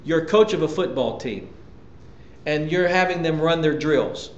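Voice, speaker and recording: A man preaching a sermon as pastor, emphatic, repeating key lines and jumping up in pitch to drive points home. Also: animated, moderate pace. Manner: emphatic preaching, sudden pitch jumps and repetitions. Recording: echoey church room, dull lo-fi sound.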